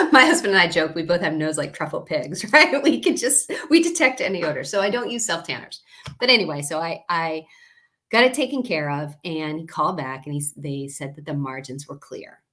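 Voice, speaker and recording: Casting note: woman in her forties, low-pitched voice, chatty and rambling, telling a personal story straight to camera. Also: lively intonation, fairly quick, a bit bright. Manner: chatty, rambling with fillers and tag questions. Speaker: wellness vlogger.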